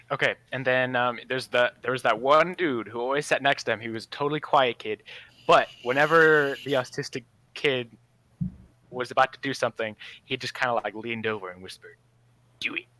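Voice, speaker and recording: A man's voice: medium pitch, moderate pace, sharp tone, poor audio. A young man from the American South telling a rambling story in a gaming voice chat, with lots of fillers and laughs, on a headset mic. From Southern United States. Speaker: team player.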